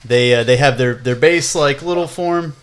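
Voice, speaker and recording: A man's voice: medium pitch, moderate pace, a little hiss or hum. Rambling casual male podcast co-host. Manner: rambling, self-correcting, laughs often. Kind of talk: casual chat recapping episodes.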